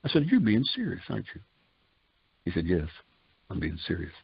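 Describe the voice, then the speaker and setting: An older man with a very deep, gravelly and husky voice tells his personal story in a folksy, conversational way. He acts out old conversations in quoted exchanges. The sound is dry and dull, like a lo-fi recording. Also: huge pitch swings, fairly quick, no room sound. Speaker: testimony speaker.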